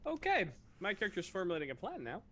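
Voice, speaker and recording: A man's voice: high voice, wildly swooping pitch, fast talker, sharp tone. A man playing a tabletop game who talks in character with a wry, scheming tone. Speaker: player.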